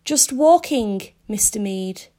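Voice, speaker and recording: A woman's voice: mid-range voice, expressive, slow, dark tone. A woman voicing a cold, metallic robot police car that barks curt commands and questions in a storybook reading. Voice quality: metallic, hissing.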